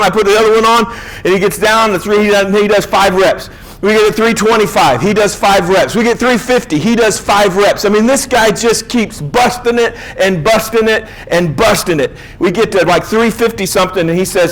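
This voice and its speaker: A man's voice: sits high, a little fast, low-quality recording. A male pastor telling a humorous personal story in a sermon, acting out the voices of the people in it. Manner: animated, acts out quotes.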